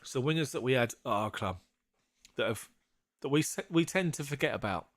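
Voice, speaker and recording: A man's voice: mid-range voice, lively intonation, brisk, fairly bright tone, dry recording, clean studio sound. Chuckling man on a fan stream. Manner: jokey, laughs often, swears casually. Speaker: host of a fan live stream. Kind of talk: casual live-stream chat.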